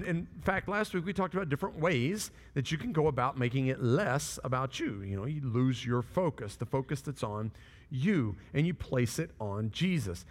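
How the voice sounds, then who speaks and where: A male pastor preaching a sermon, telling stories in a lively way and acting out the people he quotes. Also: a little high, long reverb tail. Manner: animated storytelling with quoted voices.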